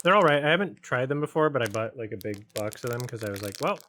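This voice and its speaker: A man's voice: medium pitch, animated, fast, sharp tone, a little hiss or hum. A man casually commenting while watching a film, mumbling asides and puzzled questions between snacks. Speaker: film reviewer hosting a watch-along.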